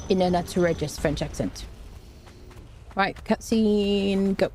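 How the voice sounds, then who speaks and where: Woman, gameplay commentary, wry, chatty, mellow tone, faint noise behind. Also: medium pitch, slow, long pauses. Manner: chatty, wry, talks to her cat. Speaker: gaming streamer.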